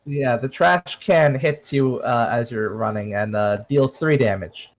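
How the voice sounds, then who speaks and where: A man narrating a tabletop game as game master, halting and full of fillers. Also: mid-range voice, rough recording.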